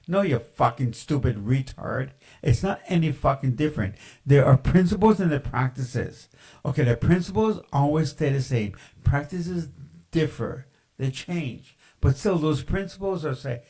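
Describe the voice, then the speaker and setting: Crude ranting man with a mellow voice. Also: a little high, expressive, moderate pace, husky. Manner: crude, profane, lecturing, many fillers. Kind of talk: ranting podcast monologue.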